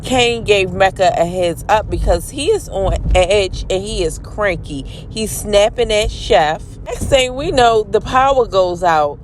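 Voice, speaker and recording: A woman giving a casual, slangy recap of a TV drama episode and reacting loudly to the scenes. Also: medium pitch, expressive, unhurried, few pauses, a little hiss or hum. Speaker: TV recap commentator.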